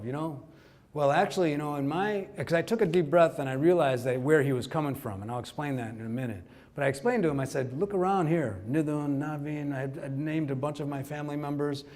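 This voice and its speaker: A middle-aged man from Kerala, India, telling a personal story to a conference audience, acting out the quotes. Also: mid-range voice. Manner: animated storytelling, acts out quotes. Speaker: conference speaker. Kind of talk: storytelling keynote talk.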